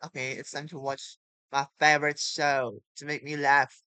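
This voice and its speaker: Male gamer, excitable commentary, unhurried, clear voice, dry close sound. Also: on the high side, no room sound. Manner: excitable, repeats exclamations, bursts of loud shouting. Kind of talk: casual gameplay commentary.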